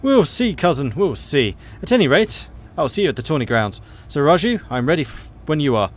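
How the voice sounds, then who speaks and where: A man's voice: a little high, very animated, brisk, slight background noise, voice pushed up. A man voicing a young noble woman about to be crowned, with a put-on French accent and a proud, teasing manner.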